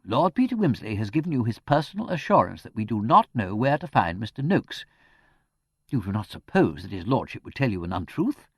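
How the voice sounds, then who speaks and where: A man's voice: lowish voice, sing-song, brisk, breathy edge, dry recording, studio quality, full character voice. A man voicing a prim, stern elderly country vicar with a rebuking tone.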